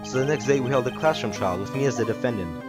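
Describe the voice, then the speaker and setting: A man voicing a young lawyer quietly recounting a childhood memory in a game. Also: mid-range voice, fast, over music, close to an everyday voice. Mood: wistful.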